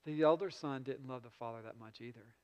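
A man preaching a sermon, retelling a story with lively swings between loud passages and quiet asides. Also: mid-range voice, a little fast, clean tone. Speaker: pastor. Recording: long reverb in a large hall.

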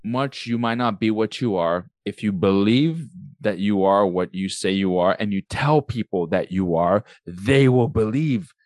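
A man's voice: on the low side, a little slow, hardly any pauses, darkish tone, dry recording. A man co-hosting a casual podcast chat, rambling with stammered restarts and blunt, profane remarks. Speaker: podcast co-host.

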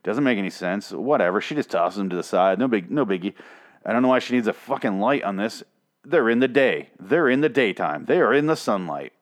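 A man's voice: on the low side, animated, fairly quick. A man reviewing a TV episode in a sarcastic, profane, rambling rant. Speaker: TV show reviewer.

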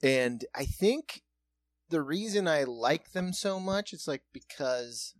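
A man's voice: on the high side, animated, takes it slowly, no echo. A man from South Dakota co-hosting a casual chat, talking loosely with lots of swearing and laughter. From South Dakota, USA. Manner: loose, profane, laughing banter.

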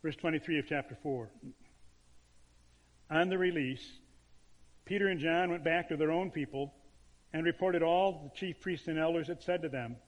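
Emphatic preaching man in a reverberant church. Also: fairly high pitch. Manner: emphatic preaching with dramatic pauses. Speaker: pastor. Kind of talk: sermon.

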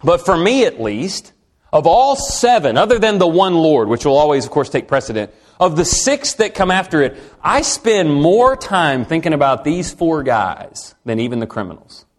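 A man preaching a sermon to a congregation in a conversational way, asking them questions and swinging from quiet, slow lines to emphatic ones. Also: fairly high pitch, sing-song.

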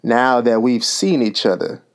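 A sly storybook unicorn, read by a man, speaking in a relaxed, unhurried way. Dreamy one moment, teasing the next. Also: medium pitch. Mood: sly, casual. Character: sly, eager male unicorn.

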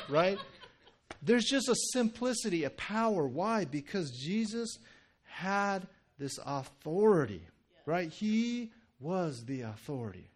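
A young male pastor speaks from the front of a church in a relaxed, joking sermon style. His voice sits slightly higher than most men's, and he talks loosely, full of fillers and quick asides to the congregation. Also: a little hiss or hum. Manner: chatty and animated, heavy "you know" and "right?" fillers, jokes with congregation. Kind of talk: casual conversational sermon.

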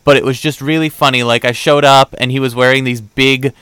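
This is a young podcast host rambling casually through a dating tale, performing the quoted exchange with heaps of fillers. His voice is mid-range, fairly bright, clear, and resonant, with a steady tone and a slightly quick pace, recorded without echo.

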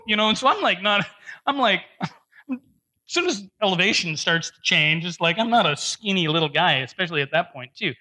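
A man preaching a conversational sermon, telling a personal story in an animated, self-deprecating way with frequent laughter. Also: high voice, fairly quick. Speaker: pastor.

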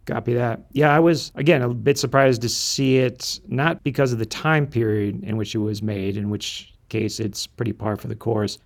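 Gravelly-voiced man asking teasing questions. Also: medium pitch, fairly even intonation, moderate pace, hardly any pauses. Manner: asks questions, dry teasing. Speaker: podcast co-host. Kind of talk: casual chat.

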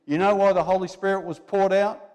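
A man's voice: sits high, steady tone, brisk, a little mellow. Exhorting male preacher in a reverberant hall. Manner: exhorting, conversational, with rhetorical questions. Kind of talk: sermon. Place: church hall. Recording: long reverb in a church hall.

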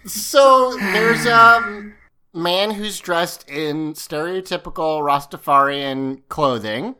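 A woman's voice: fairly low pitch, slow, bright, forceful tone. A woman co-hosting a podcast, chatting casually, rambling and swearing as she recaps a scene. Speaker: podcast co-host recapping an episode. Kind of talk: casual chat.

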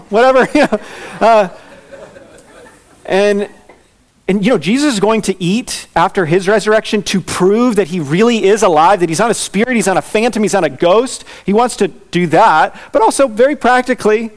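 A man preaching an expository sermon, earnest, slowing down and softening as he reads scripture aloud. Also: high voice, lively intonation. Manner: earnest, slows down and softens when reading scripture. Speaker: pastor.

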